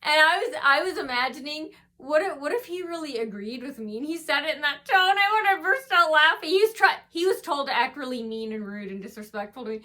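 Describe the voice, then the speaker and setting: A woman's voice: high-pitched, lively intonation, brisk, few pauses, bright, forceful tone. A woman vlogger telling a story in a casual, rambling monologue, full of ums and restarts, recorded indoors at home.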